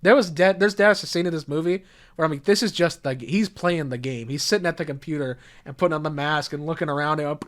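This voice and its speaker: Talking fast with a fairly high pitch, a young podcast co-host animatedly recounts stories in a casual chat. He curses along the way and performs the quotes of the people involved.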